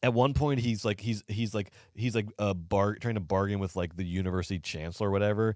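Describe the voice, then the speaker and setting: Man, film podcast co-host, casual, sarcastic, animated, dry studio mic. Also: fairly low pitch, fast talker, no echo. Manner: animated, acts out quoted lines in funny voices; lots of fillers and restarts, sarcastic. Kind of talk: casual chat.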